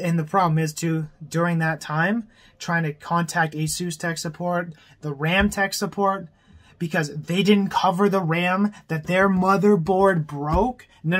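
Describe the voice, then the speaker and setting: A man's voice: high-pitched, fairly bright tone. Angry swearing young man ranting. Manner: heated, swearing, exasperated. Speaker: vlogger. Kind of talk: angry rant to camera.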